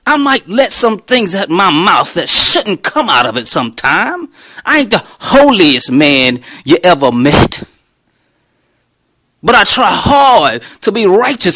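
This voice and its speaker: Man, bright voice, lively swooping pitch, emphatic faith testimony, addresses listeners directly. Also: no room sound. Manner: emphatic, talks straight to listeners. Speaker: Christian speaker. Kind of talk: animated testimony storytelling.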